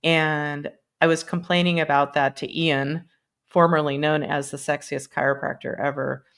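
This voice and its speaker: Gravelly, rambling woman hosting a live stream. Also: low voice, fairly even intonation, normal speed, a bit bright. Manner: rambling and laughing, with frequent swearing. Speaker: livestream host. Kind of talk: casual live-stream chat. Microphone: computer mic on a live stream.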